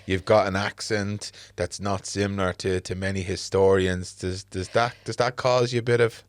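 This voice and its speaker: A man's voice: deep voice, little pitch movement, moderate pace, dry recording. A man hosting a podcast, asking rambling questions and swearing freely in casual chat. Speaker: podcast host.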